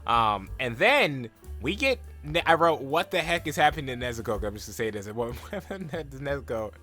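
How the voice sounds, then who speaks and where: A man's voice: mid-range voice, sing-song, sharp tone, faint music behind. A young man recapping an anime episode in a loose, rambling way, full of "like" and "um", now and then acting out characters' lines. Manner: rambling, filler-heavy retelling, full of "like" and "um"; acts out characters' lines in quick put-on voices. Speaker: anime reaction vlogger. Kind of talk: casual episode recap and reaction.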